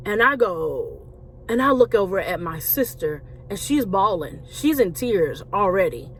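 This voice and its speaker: A woman's voice: medium pitch, animated, unhurried, a little hiss or hum. A woman, a Christian life coach and author, telling her personal story to viewers in a conversational way, calling them y'all.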